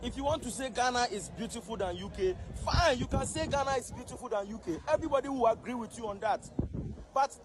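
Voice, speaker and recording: A man's voice: extremely high pitch, expressive, fast, background noise. A man addressing viewers outdoors, insistent and repeating his point. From Nigeria. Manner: insistent, repetitive.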